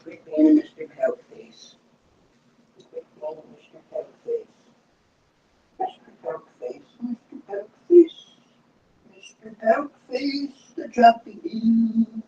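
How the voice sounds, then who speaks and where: Man doing high cooing pet baby talk. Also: expressive, dark tone, roomy sound, heavily acted. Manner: cooing, drawn-out, teasing. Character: man's high sing-song baby talk to a dog. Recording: distant, dull home recording with faint noise.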